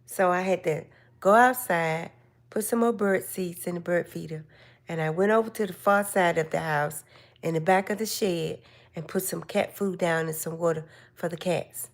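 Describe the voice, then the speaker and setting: An older woman hosting a casual live stream chat, giving slow, gentle, motherly advice to her viewers. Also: on the low side.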